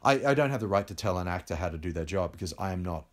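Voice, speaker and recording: A man's voice: low-pitched, lively intonation, rapid-fire. A man speaking as a film director in an interview, telling candid stories with frequent fillers. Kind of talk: conversational interview.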